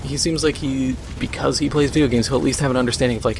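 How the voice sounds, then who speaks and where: A man's voice: mid-range voice, quick pace, vocal fry, hardly any pauses, noisy background. A man hosting a gaming video, chatting casually and sarcastically ranting while he plays.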